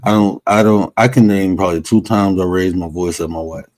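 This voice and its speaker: A man's voice: low voice, steady tone, brisk, a little mellow, no room sound, poor audio. A man co-hosting a podcast, talking in a blunt, emphatic, slangy way in casual chat. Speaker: podcast co-host.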